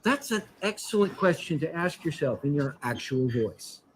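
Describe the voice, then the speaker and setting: A man plays an exasperated customer who scolds a barista with sarcastic, lecturing lines. His pitch swings widely, and faint hiss sits under the clip. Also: animated, normal speed, close to an everyday voice, poor audio. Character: annoyed male coffee shop customer.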